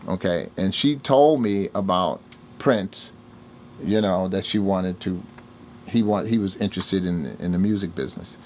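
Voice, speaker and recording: A man's voice: a little slow, a little hiss or hum. An older man, telling stories in a casual interview and acting out the dialogue with big swings in his voice. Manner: animated storyteller, acts out dialogue with big pitch jumps. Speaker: interviewee, music producer.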